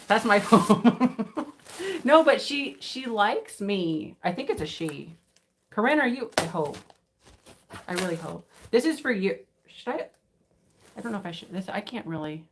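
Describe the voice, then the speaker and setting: A woman talks off the cuff on a live stream, rambling and giddy, breaking into laughs often. She sounds tired, and her voice sits somewhat low for a woman. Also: big pitch swings, normal speed, a little hiss or hum. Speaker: vintage reseller hosting an unboxing. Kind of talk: casual live-stream chat.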